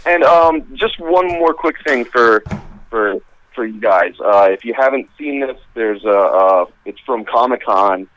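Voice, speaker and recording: A man's voice: mid-range voice, animated, a bit bright, a little hiss or hum. A man calling in to a show, chatting casually and rambling with lots of fillers and restarts. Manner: rambling, halting with many fillers. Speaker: caller. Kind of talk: casual chat. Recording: dull lo-fi phone line.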